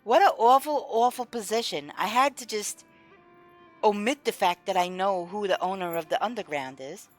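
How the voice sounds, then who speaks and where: A woman's voice: mid-range voice, normal speed, soft background music. A woman live-streaming a game, chatting casually with her viewers and openly voicing her frustration.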